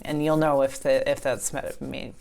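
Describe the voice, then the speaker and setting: A woman giving a casual tarot reading to her viewers, frank and blunt, sometimes swearing, and at times reading a book passage aloud in a calm, measured way. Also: extremely low pitch, vocal fry. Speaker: tarot reader. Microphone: clip-on mic.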